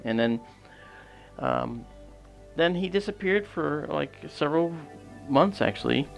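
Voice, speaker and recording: A man's voice: a little high, unhurried, vocal fry, faint music behind. A man hosting an astronomy livestream, telling a long casual anecdote outdoors at night, rambling with fillers and restarts. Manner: rambling, many fillers and restarts, animated quoted dialogue.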